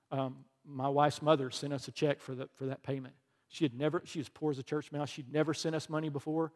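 A man's voice: a little high, in a large hall. A middle-aged male pastor preaching a conversational sermon, telling a personal story and leading a closing prayer.

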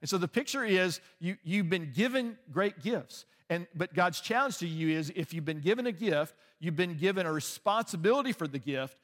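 Earnest preacher, higher male voice, hall reverb. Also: animated, moderate pace, hardly any pauses, fairly bright tone. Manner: earnest, conversational, frequent restarts. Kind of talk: sermon. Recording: long reverb of a large hall.

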